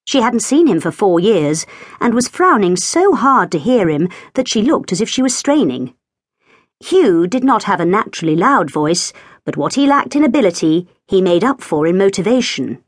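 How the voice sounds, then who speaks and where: An expressive woman reading a novel aloud with a lively, rising and falling pitch. She is recorded close in a dry studio with no room sound. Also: normal speed, no room sound. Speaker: audiobook narrator. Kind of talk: scripted audiobook narration. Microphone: close studio mic.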